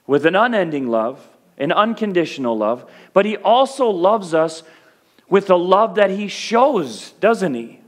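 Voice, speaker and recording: Middle-aged guy pastor, chatty sermon that gets all worked up, kinda high voice. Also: very animated, unhurried. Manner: conversational preaching, rising to fervent peaks.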